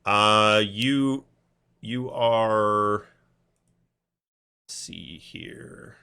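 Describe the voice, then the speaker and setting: Game master guy, bright voice, lots of uhs and ums. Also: on the low side, very slow, creaky, smooth. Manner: relaxed, hesitant with fillers. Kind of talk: narrating a tabletop game.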